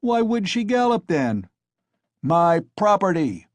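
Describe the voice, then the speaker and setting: A man reading an audiobook, voicing a drunken, brutal peasant man who shouts ferociously. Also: high voice, sing-song, slow pace, no room sound, voice pushed up, exaggerated voice. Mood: furious shouting.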